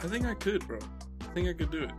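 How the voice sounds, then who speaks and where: A man's voice: sits high, animated, fast, faint music behind. A young man co-hosting a podcast, chatting casually in laid-back slang. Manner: laid-back slang, says bro often. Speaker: podcast co-host. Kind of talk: casual chat.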